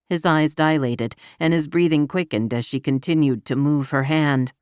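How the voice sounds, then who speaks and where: A woman narrating a romance audiobook in an even, intimate storytelling manner, recorded close to the mic. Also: deep voice, moderate pace, hardly any pauses, clean tone, no room sound.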